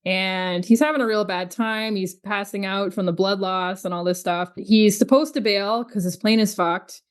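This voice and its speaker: A woman co-hosting a film review podcast in a casual, chatty way. She recaps scenes and slips in historical asides, at a middle pitch for a woman. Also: steady tone, normal speed, smooth. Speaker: podcast co-host.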